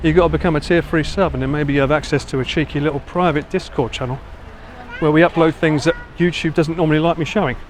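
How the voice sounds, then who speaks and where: Walking city streets, a male IRL livestreamer with an Essex accent chats casually with his live viewers, lively, laughing and teasing them, with swearing in the banter. His voice is a little high and fast, and there's a little hiss or hum.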